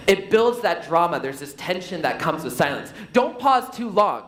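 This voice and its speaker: A man's voice: high voice, moderate pace, hardly any pauses. Guy running a storytelling workshop, voice jumps all over, joking around, roomy hall sound. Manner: playful, animated teacher who jokes with the audience. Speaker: workshop presenter. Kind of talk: live storytelling workshop talk. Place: conference hall.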